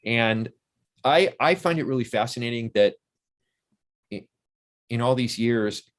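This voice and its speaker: A man in his sixties, an interview guest who tells lively stories about a film shoot and acts out what people said on set. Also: medium pitch, unhurried. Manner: animated storyteller who acts out quotes from the set. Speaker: interview guest, actor and playwright. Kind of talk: casual interview chat.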